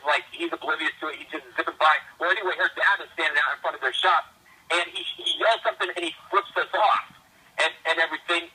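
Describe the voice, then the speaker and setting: High, bright, raspy-voiced rambling man. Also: rough recording. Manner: rambling, with many restarts and repeated words; animated, acts out quoted people, laughs while telling. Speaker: co-host of a phone chat show. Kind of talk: casual storytelling over the phone. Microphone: phone call.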